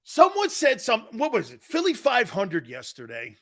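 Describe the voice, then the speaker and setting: A man's voice: very high-pitched, wildly swooping pitch, moderate pace, fairly bright tone. A man hosting a live sports talk show, teasing and joking with his chat and laughing often.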